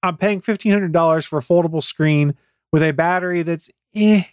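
A man co-hosting a tech podcast, giving animated, opinionated takes on gadgets. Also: on the high side, dry recording, clean studio sound. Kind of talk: casual podcast chat.

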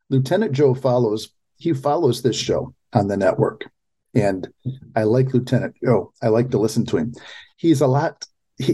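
A man's voice: medium pitch, mellow, breathy edge. A man hosting a political talk radio show, talking emphatically and often restarting his phrases.

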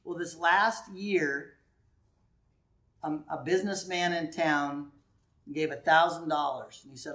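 A man preaching a sermon in a conversational, animated way, with sudden quiet asides. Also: a little high, slow, pauses often. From United States.

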